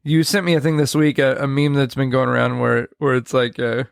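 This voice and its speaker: A man's voice: medium pitch, little pitch movement, fairly quick, gravelly, clean tone, dry recording, clean studio sound. An American man hosting a podcast, teasing his guest playfully and laughing often. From United States. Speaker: podcast host, magician. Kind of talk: casual podcast chat.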